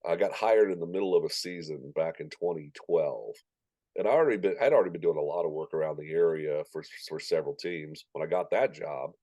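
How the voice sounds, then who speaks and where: Announcer guest in his forties, low and mellow, animated storyteller, dry close mic. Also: brisk, no echo. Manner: animated anecdotes, acting out quoted voices. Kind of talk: casual interview storytelling.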